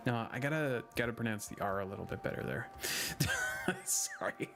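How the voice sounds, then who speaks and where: A man's voice: on the low side, fast talker, hardly any pauses. A young man giving casual gameplay commentary, joking and laughing at himself as he plays. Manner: joking, giggly, self-mocking. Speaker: gaming streamer. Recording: music playing under the voice.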